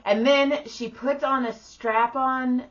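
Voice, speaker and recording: A woman's voice: sits high, slow, muffled recording. A woman co-hosting a casual podcast, telling a story animatedly and acting out what people said. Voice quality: bright voice, animated storytelling with acted-out quotes. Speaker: podcast co-host.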